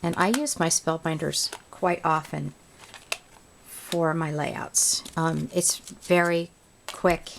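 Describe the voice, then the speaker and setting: A woman's voice: low voice, fairly even intonation, takes it slowly, gravelly, slight background noise. A woman hosting a home craft tutorial, chatting casually and thinking aloud as she works. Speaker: crafting video host.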